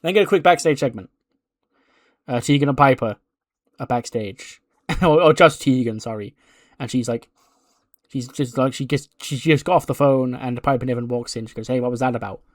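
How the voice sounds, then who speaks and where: A man's voice: mid-range voice, normal speed, long pauses, dry recording, studio quality. Man casually narrating a game. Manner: loose, chatty, laughs at himself. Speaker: gaming video creator. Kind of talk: casual let's-play narration.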